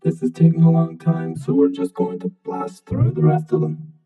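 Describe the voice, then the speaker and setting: A squeaky tinny sidekick voice. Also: male voice, wildly swooping pitch, creaky, soft background music, full character voice. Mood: impatient. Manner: chirpy, hurried aside. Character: squeaky sped-up male sidekick voice, impatient. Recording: tinny phone-like, echoey.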